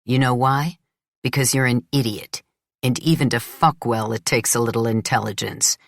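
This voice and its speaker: A woman's voice: rumbling low, steady tone, normal speed, gravelly, no room sound, studio quality, voice pushed down, heavily acted. A woman reader voicing a crude, boastful young man who talks in an emphatic, sneering way. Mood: contemptuous.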